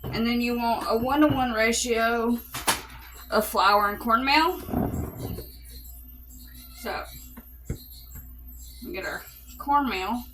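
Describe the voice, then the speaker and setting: A woman's voice: on the high side, slow pace, pauses often, fairly bright tone, soft background music, poor audio. A woman with an Alabama accent, chatting casually through a cook-along in her home kitchen and explaining each step to her viewers. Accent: Southern US, Alabama. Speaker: home cooking vlogger.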